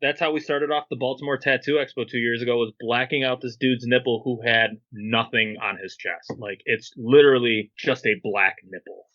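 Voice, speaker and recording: A man's voice: medium pitch, fairly even intonation, normal speed, few pauses, lo-fi sound. A man being interviewed on a podcast, telling stories in a laid-back, slangy way and acting out quotes. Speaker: guest, clothing brand owner. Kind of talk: casual storytelling interview.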